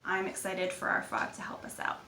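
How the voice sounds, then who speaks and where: A woman's voice: on the low side, expressive, a little fast, creaky, bright, forceful tone, slight background noise, full character voice. A young woman playing Jane and leading children through a movement and mindfulness lesson in an upbeat, encouraging way. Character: cheerful young woman adventurer, friendly guide. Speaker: kids' movement and mindfulness instructor. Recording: echoey room, faint ambience.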